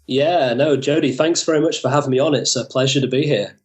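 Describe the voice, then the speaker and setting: A man's voice: mid-range voice, a little fast. A young British man from northern England, a guest on a podcast, talking in an upbeat way and laughing easily. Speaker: guest, youth worker. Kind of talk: casual podcast interview.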